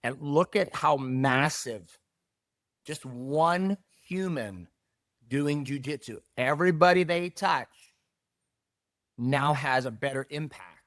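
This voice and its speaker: A middle-aged man, a jiu-jitsu academy owner, talking in a casual interview with emphatic, animated delivery and repeated key phrases. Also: a little high, slow, pauses often, no room sound, studio quality.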